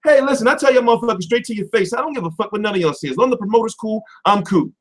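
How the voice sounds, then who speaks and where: Male stream host, high and lively voice, profane off-the-cuff rant from his home setup. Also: very fast. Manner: animated, swearing, jumps between loud and mumbled. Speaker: boxing commentary livestream host.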